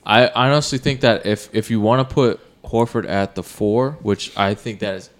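A man's voice: fairly low pitch, fairly even intonation, normal speed. A young man co-hosting a podcast, giving opinionated takes in casual sports chat and talking over the others. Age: young adult. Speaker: podcast co-host.

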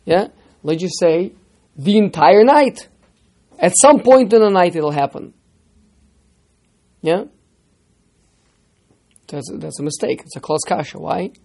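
A man teaching a text study class, lively, firing rhetorical questions at his students and repeating words as he starts sentences. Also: high voice, slow, gravelly, pauses often. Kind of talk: interactive text lesson.

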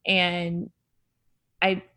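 A woman co-hosting a podcast, chatting casually and agreeably, thinking out loud as she talks. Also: fairly low pitch, completely flat delivery, drawn-out words. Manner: conversational, agreeable, thinks aloud with restarts. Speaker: podcast co-host. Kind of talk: casual chat recapping reality TV.

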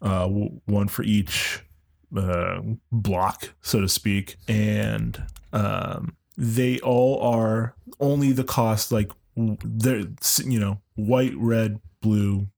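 A man co-hosting a casual podcast, nasal and congested with a cold, talking haltingly with lots of fillers and laughs. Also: on the low side, fairly even intonation, vocal fry, darkish tone. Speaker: podcast co-host.

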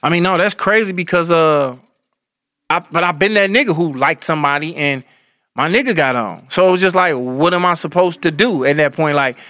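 A young man co-hosting a casual chat, telling loud, animated stories full of crude slang. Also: on the high side, brisk, no room sound. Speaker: podcast co-host.

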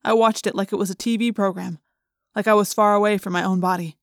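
A woman's voice: mid-range voice, fairly even intonation, quick pace, no echo. Woman narrating an audiobook, dry and close. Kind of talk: first-person audiobook narration.

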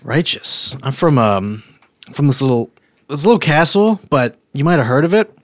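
A man's voice: mid-range voice, very animated, moderate pace, dry recording. A man chatting casually at a tabletop game, rambling and hesitant. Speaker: player.

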